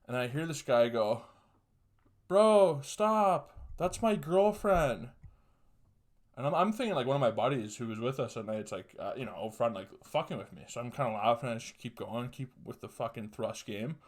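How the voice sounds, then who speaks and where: A man's voice: mid-range voice, fast talker, few pauses. A man in his twenties telling a crude, rambling story as a podcast host, swearing freely and laughing often.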